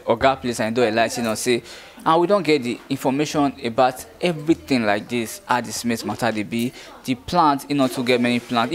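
A man with a Nigerian accent hosting a casual market update, chatty and talking straight to his viewers. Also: mid-range voice. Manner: chatty, addresses viewers directly. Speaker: market blogger host. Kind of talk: casual interview and update in Pidgin.

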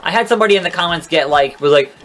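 A man giving casual gameplay commentary as a let's play gamer, joking around, getting excitable and swearing freely. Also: fairly high pitch, rapid-fire.

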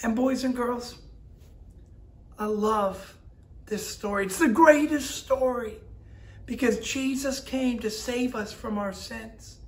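Very high-voiced man teaching children. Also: slow, pauses often. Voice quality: energetic, talking directly to children. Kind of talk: children's Bible lesson with a craft.

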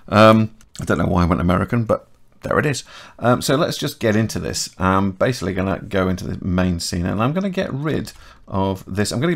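A middle-aged man explains a 3D modelling tutorial in a casual, chatty way, correcting himself as he goes. His voice sits a little low and carries a gravelly edge. He talks each step aloud as he works. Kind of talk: casual screen-recorded software tutorial.

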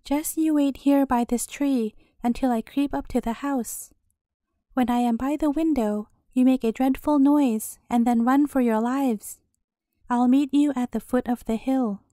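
A woman's voice: high-pitched, fairly even intonation, unhurried, mellow, no room sound, studio quality. Woman putting on a squealing clever rat. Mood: scheming. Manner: bossy, squealing.

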